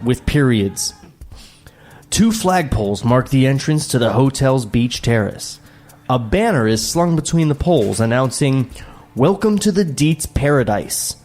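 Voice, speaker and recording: A man co-hosting a comedy podcast, reading a screenplay aloud with sarcastic, deadpan asides. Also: mid-range voice. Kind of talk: comedic table read with commentary.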